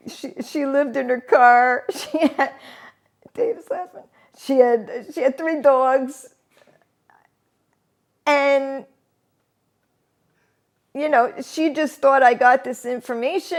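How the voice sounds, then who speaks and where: Middle-aged woman interviewee, slightly high voice, unhurried and halting, laughs through her story. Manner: halting, often laughs mid-sentence. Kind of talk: candid personal storytelling.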